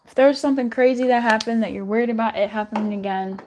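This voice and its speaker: A woman's voice: a little high, fast talker, darkish tone, a little hiss or hum. A young woman doing a live tarot reading in a chatty, reassuring way, giggling and swearing now and then. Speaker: tarot reader.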